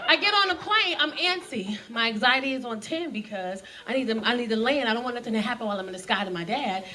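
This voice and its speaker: Woman, 30s, stand-up comic; brash, profane storyteller, slightly high voice, faint audience behind. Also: lively intonation, fast talker, bright, forceful tone, some chatter behind. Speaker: stand-up comedian. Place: comedy club stage with audience. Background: audience laughter.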